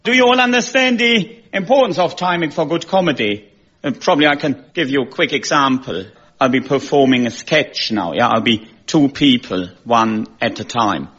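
A man with a German accent doing dry, deadpan comedy on a panel show. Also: mid-range voice, normal speed, husky. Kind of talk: stand-up comedy. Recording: dull lo-fi with loud noise.

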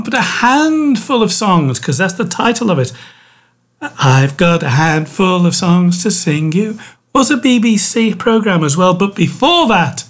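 Wry radio presenter, slow and lively. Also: mid-range voice. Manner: wry, self-mocking asides.

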